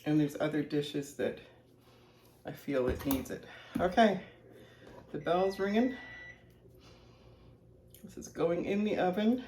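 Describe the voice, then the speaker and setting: A woman's voice: lowish voice, slow, long pauses, dark tone, slight background noise. Chatty woman in an echoey kitchen. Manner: chatty, rambling, thinks aloud. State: a little out of breath. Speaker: home cooking vlogger. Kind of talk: casual kitchen chat. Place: home kitchen.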